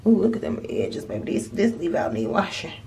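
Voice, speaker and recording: A woman's voice: fairly low pitch, very animated, brisk, gravelly, darkish tone. Chatty woman vlogging in an echoey room. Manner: chatty, talks straight to viewers. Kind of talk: casual vlog chat. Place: at home. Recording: echoey room, camera at a distance.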